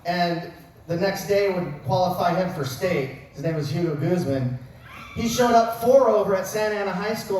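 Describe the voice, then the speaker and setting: A man's voice: high voice, moderate pace, a little mellow. A man in his fifties, a wrestling coach, telling funny self-mocking stories in an after-dinner speech. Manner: joking storyteller with self-mocking asides. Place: large banquet hall at a dinner event. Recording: very echoey hall recorded from far off, faint noise.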